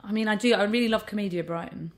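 A woman's voice: mid-range voice, a little hiss or hum. A woman comedian, chatting casually in an interview and acting out the people in her stories. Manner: animated storyteller, quick to act out quotes. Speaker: stand-up comedian and character act.

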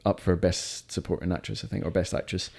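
Here a film podcast co-host chats about movies with opinionated flair, restarting sentences now and then. His low voice is gravelly, slightly rough and a little mellow, with flat delivery at a fairly quick pace.

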